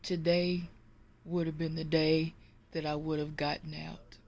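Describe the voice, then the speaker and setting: Teary, solemn husband, told by a woman in her own low voice; slow. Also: flat delivery, a little mellow. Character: weepy middle-aged husband, secretly resentful.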